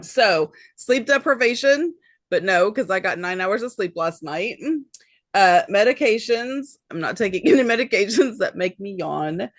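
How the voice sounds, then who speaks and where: A woman's voice: mid-range voice, lively intonation, normal speed, dry recording, studio quality. Chatty laughing woman podcast host. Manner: chatty, laughs often, trails off mid-sentence. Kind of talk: casual chat.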